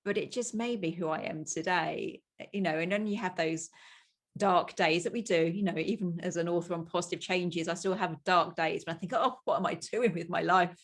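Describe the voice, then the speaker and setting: British woman, guest, low-pitched, chatty and laughing easily. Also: normal speed. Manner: chatty, self-deprecating, laughs often. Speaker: podcast guest. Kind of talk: casual interview chat.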